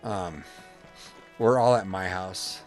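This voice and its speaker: A middle-aged man streaming a game, casually telling a story in an animated way, acting out the voices and saying "man" often. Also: deep voice, slow, music in the background. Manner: animated, acts out voices, says man a lot.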